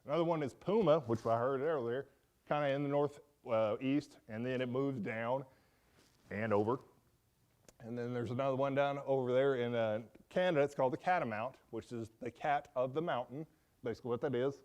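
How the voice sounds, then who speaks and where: A man teaching a Sunday school class in an informal, animated way, acting out quotes with folksy asides. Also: medium pitch, fairly quick, dull audio.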